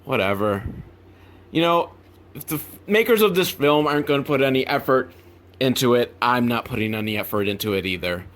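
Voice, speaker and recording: A man hosting a podcast, recapping a film with weary sarcasm. He rambles from one complaint to the next and sounds fed up with what he is watching. His voice sits at an ordinary pitch for a man. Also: lively intonation, a little fast, fairly bright tone, a little hiss or hum. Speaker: podcast host.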